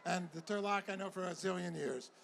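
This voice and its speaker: A man hosting a live outdoor event, stressing key points slowly and emphatically. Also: high voice, creaky, a bit bright, a little hiss or hum. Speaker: event host. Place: outdoor event in a city square.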